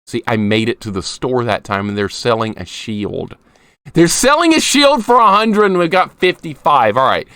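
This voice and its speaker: Lively man streaming a hard game. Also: medium pitch, moderate pace, smooth, no echo. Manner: frustrated, shouts at the game, chats with viewers. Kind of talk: live gameplay commentary.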